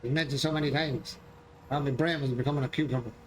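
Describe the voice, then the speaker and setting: A man's voice: mid-range voice, fairly even intonation, fast talker, a little hiss or hum. An Irish man chatting casually while streaming a farming game, joking and repeating his lines with a chuckle. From Ireland. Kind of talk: casual gameplay chat. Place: home gaming room.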